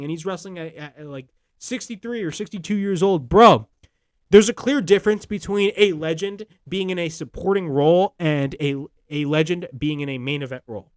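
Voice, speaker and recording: Heated young man ranting, animated. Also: sits high, no echo, studio quality. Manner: animated, swearing, heated rant. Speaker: wrestling podcast host. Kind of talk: ranting show review.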